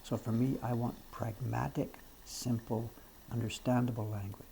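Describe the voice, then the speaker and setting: A man's voice: mid-range voice, flat delivery, normal speed, gravelly, warm tone, slight background noise. A man in his seventies chatting casually on his livestream, frank and self-deprecating as he answers viewers' questions. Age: 70s. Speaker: livestream host.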